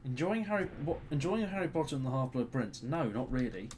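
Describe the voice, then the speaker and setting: A man's voice: medium pitch, big pitch swings, fairly quick, darkish tone, slight background noise. Swearing British man gaming live. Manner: swears and grumbles at teammates. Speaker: streamer. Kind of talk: live gameplay commentary.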